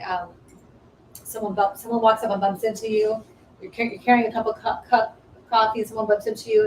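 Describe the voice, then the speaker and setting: Brief: high-ish woman host, animated storyteller, casual spiritual chat, distant mic in an echoey room with faint hiss. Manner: animated storytelling, acts out her own past voice. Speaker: ministry host. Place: room with small live audience.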